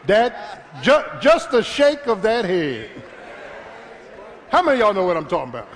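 A middle-aged man from Philadelphia preaches from the pulpit with a high, sweeping voice that climbs into shouts. He calls out to his congregation and drives his points home. The sound rings through a large church hall. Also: huge pitch swings, moderate pace. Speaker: pastor. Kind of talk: sermon. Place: church sanctuary.

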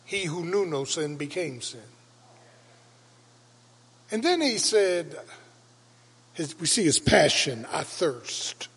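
Slow husky pastor guy preaching in a big echoey church, swings up into shouts. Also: a little high, expressive. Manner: preaching with dramatic rises into shouts. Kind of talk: Easter sermon. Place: church sanctuary. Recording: reverberant church hall.

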